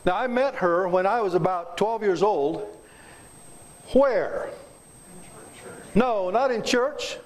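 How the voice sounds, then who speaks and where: An older man with a high voice that swoops up and down a lot tells stories to a club meeting. He speaks in a folksy, joking way and keeps quizzing the crowd. He is a guest speaker from Kansas. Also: animated, slow, pauses often. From south central Kansas, USA. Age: 70s. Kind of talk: storytelling talk to a club audience.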